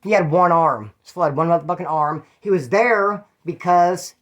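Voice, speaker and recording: Over dull-sounding audio, a Californian man with a high, fairly bright voice tells prison stories at normal speed. His storytelling is slangy, full of profanity and restarts, and he imitates others as he quotes them.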